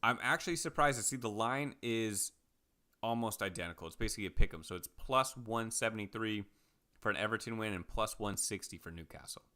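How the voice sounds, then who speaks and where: Bright-voiced man on a podcast. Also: fairly low pitch, fairly quick. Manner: relaxed, rambling with fillers. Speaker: podcast co-host. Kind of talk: casual sports betting chat.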